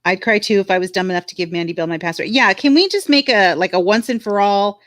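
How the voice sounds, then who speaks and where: A woman's voice: mid-range voice, animated, quick pace, a bit bright, no echo, studio quality. A woman casually chatting on a livestream, frank and talkative, reading viewer comments aloud. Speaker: livestream co-host reading chat.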